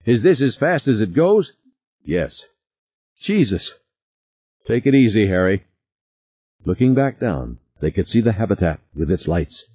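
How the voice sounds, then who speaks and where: A man with a very low voice narrates a novel, his pitch swinging widely as he reads. The recording is dry and a little muffled, close to the mic. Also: slightly rough. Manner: dramatic, expressive reading. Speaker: audiobook narrator. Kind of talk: scripted narration.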